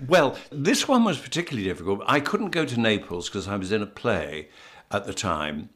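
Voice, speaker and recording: An older English actor, a guest in an interview, tells anecdotes in a fairly low, very animated voice with a somewhat bright tone and a moderate pace. His storytelling is broken up by frequent stammered restarts and laughter.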